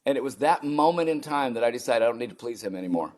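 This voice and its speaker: An older man, a podcast guest, telling personal stories in an animated way and acting out the people in them. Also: mid-range voice, fast talker. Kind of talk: storytelling in a podcast interview.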